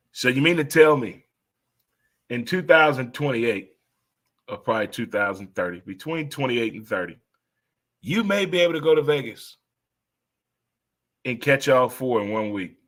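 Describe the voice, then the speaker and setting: A man in his fifties riffs through a casual sports talk monologue in a bright, forceful voice. He rambles and exclaims, jumping into sudden high-pitched outbursts. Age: 50s.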